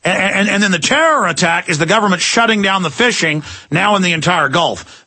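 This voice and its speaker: A Texan man hosting a talk-radio show, ranting in a heated, rapid stream packed with fillers. His voice is a bit high for a man, forceful and husky, and the studio mic makes it close and dry. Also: expressive, no room sound. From Texas.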